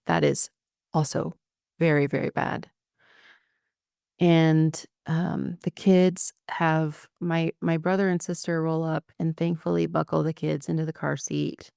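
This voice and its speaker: A woman in her thirties, a podcast guest, telling a painful personal story in a soft-spoken way with many ums and likes. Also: low voice, little pitch movement, unhurried, gravelly, clear, resonant tone, dry recording, clean studio sound. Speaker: podcast guest, widow of a detective.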